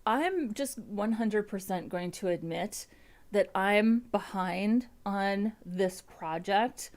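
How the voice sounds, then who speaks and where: A woman's voice: medium pitch, slow pace, darkish tone. A woman chatting casually at home as host of a front-end coding live stream, rambling and restarting her sentences.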